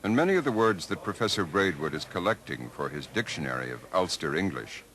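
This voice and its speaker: A man giving scripted narration for a documentary in a measured, expressive way. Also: sits low, low-quality recording. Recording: archival 1980s documentary with noise.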